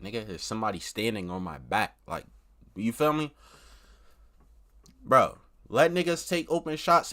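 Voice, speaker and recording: A young man streaming live, reacting loudly to an interview with slangy, profane, animated commentary aimed at his chat. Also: medium pitch.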